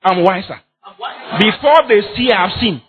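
A man's voice: high voice, lively intonation, normal speed, narrow, tinny audio. A man preaching a sermon as pastor, emphatic and repetitive, often laughing as he speaks.

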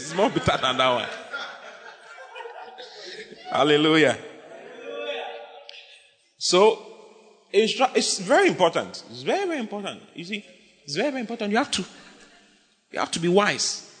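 A man preaching from the pulpit, his pitch leaping up and down as he shouts and jokes. His tone is bright and ringing, and a long reverb trails every phrase in the big church hall. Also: normal speed, pauses often. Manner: animated, emphatic, often shouting and laughing. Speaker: pastor. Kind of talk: sermon.

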